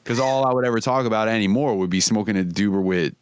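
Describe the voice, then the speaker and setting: A man's voice: on the low side, quick pace, smooth, dry recording. Dry-miked, rambling, laughing podcast man. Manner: rambling, profane, laughs often. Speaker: podcast host. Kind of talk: casual comedy podcast chat.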